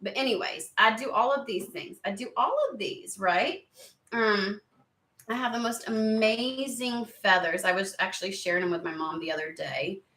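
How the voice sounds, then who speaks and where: A woman's voice: medium pitch, normal speed, sharp tone, reverberant. A woman giving a casual tarot reading to camera, chatty and rambling, easily sidetracked. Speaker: tarot reader.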